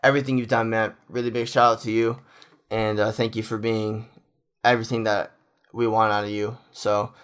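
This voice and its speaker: A man's voice: lowish voice, flat delivery, moderate pace, a bit bright, clear, resonant tone. A young man in the middle of a loose, rambling fan monologue. He sounds openly emotional and effusive, and he keeps circling back on his own thoughts. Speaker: fan commentator.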